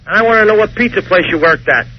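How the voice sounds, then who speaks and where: A man's voice: high voice, fast talker. A man from Bayonne, New Jersey, calling in to a radio show, tough-talking and aggressive. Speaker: caller. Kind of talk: phone-in radio call. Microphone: phone line. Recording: lo-fi phone-in line with noise.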